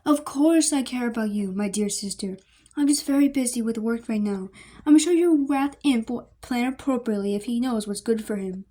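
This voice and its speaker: A woman's voice: a little high, normal speed, warm tone, close to an everyday voice. Woman reading as a grumpy sleepy prince. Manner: groggy, sulky.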